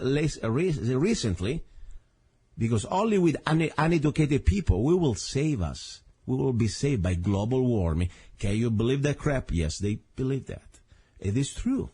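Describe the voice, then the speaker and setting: A man's voice: mid-range voice, darkish tone, slightly rough. A man hosting a talk radio show, delivering an impassioned, blunt, ranting monologue into a studio microphone.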